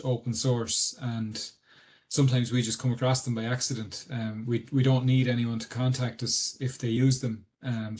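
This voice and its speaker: A man with an Irish accent explaining dictionary work on a video call, hesitant and full of ums and restarts. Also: mid-range voice. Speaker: dictionary editor giving a webinar talk. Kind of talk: explanatory talk.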